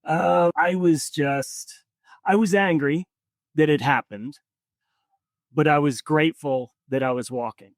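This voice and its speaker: A man's voice: on the high side, dry recording. Earnest man telling his story, dry sound. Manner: earnest, reflective, many pauses and fillers. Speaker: podcast guest. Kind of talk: personal storytelling in conversation.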